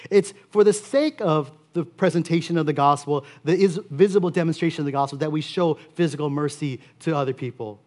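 A man preaching a sermon as pastor, earnest and steady, repeating key phrases for emphasis. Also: a little high.

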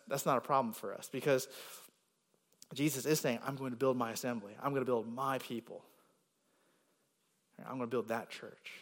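A pastor explaining a Bible passage in a sermon, checking in with the congregation and pushing hard on quoted words. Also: male voice, medium pitch. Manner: explanatory, rising emphasis on quoted words, frequent "right?" checks. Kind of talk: sermon teaching.

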